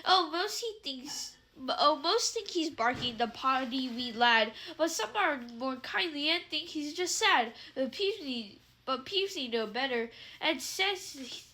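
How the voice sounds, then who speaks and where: A woman's voice: high-pitched, lively intonation, slow, hardly any pauses, sharp tone, heavily acted. A woman reading a novel aloud, voicing a mischievous male poltergeist who taunts in a sing-song, mocking rhyme. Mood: taunting.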